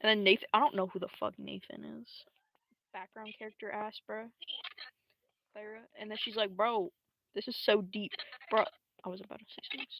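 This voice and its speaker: A young adult woman livestreaming in casual, slangy, rambling talk, swearing freely and jumping into squeaky high voices to quote characters. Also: little pitch movement, a little fast, vocal fry, pauses often, sharp tone, slight background noise, poor audio. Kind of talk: casual live-stream commentary.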